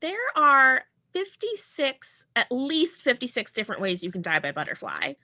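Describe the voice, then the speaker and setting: A woman's voice: sits high, huge pitch swings, moderate pace, pushed and bright. A woman playing a tabletop game, voicing an anxious, comically gloomy character. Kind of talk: in-character tabletop role-play.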